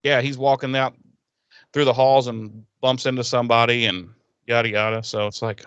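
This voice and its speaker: A man co-hosting a podcast who recaps a TV episode in casual, profane talk, laughing often and getting animated. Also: medium pitch, moderate pace, smooth, no room sound. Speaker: podcast co-host.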